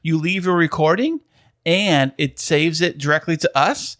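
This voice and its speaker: A man's voice: fairly high pitch, animated, a little slow, fairly bright tone, dry recording, clean studio sound. A man co-hosting a podcast in casual chat, upbeat and chatty, explaining things at length. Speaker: podcast co-host.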